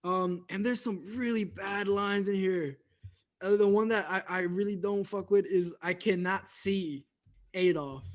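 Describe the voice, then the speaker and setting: A man's voice: high voice, steady tone, normal speed. A man co-hosting a podcast, reviewing music in loose, laughing casual chat full of fillers. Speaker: podcast co-host.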